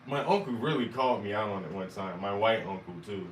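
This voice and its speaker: A Southern-accented vlogger and musician from South Carolina talks casually to his viewers in a lowish, animated voice at a fairly quick pace, rambling, swearing, and amusing himself. The rough recording is made from a distance in an echoey room with slight background noise.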